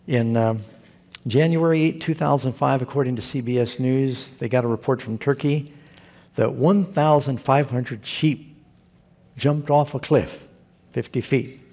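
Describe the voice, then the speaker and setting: A man's voice: mid-range voice, unhurried, pauses often, darkish tone. A male pastor preaching a sermon, telling stories with humor and asking his listeners questions. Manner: humorous storytelling preacher who asks the audience questions.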